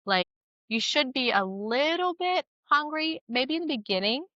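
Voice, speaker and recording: A woman's voice: high voice, normal speed, dry recording, dull audio. A woman fitness coach chatting on a podcast over a video call with earphones, telling stories and acting out what her clients say. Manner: lively storytelling, acts out quotes from clients. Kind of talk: casual podcast chat.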